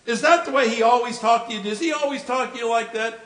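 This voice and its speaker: A man's voice: very high-pitched, fast, fairly bright tone, reverberant. A man voicing a stern state trooper who questions a driver and his wife.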